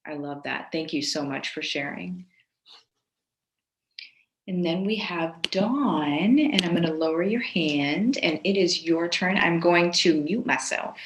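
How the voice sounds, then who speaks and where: A woman's voice: on the low side, measured pace, roomy sound, background noise. A woman hosting a video call, praising speakers with emphatic repetition. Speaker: host.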